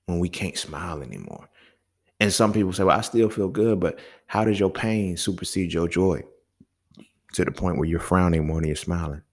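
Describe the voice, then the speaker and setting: Deep-voiced man ranting on a podcast. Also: normal speed, darkish tone. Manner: profane, heated, conversational, keeps asking "you feel me". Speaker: podcast host. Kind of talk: casual solo podcast monologue.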